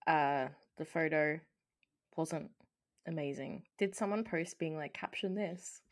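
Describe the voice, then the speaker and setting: A woman's voice: deep voice, unhurried. A woman co-hosting a casual podcast chat, playful and steering the topics. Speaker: podcast co-host.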